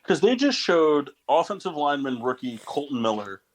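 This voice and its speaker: A young man co-hosting a casual podcast, loud and swearing in mock outrage among friends. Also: on the high side, sing-song, normal speed. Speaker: podcast co-host.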